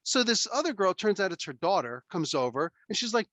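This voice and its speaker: A man hosting a casual podcast chat, telling stories in an animated, emphatic way and swearing freely. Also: sits high, fairly quick, dry recording. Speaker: podcast host.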